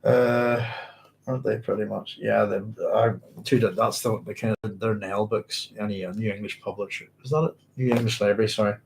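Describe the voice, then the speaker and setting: A man's voice: on the low side, fairly even intonation, normal speed, creaky, a little hiss or hum. A man hosting a live-streamed book club, reading passages aloud, then musing informally and answering viewers' comments.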